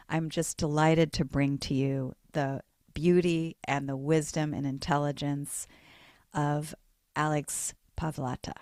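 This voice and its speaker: A woman hosting a podcast speaks slowly in a low voice, effusive and gently enthusiastic. The sound is close and dry. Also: dry recording. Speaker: podcast host. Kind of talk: podcast interview.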